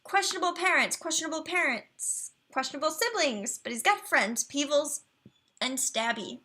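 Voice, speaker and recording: A woman's voice: high voice, animated, fairly quick, pushed and bright. A young woman hosting a casual live stream, chatting with viewers and reading out game profiles. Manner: chatty, reads viewer chat and profiles aloud, talks to her computer. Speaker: livestream host reviewing game profiles.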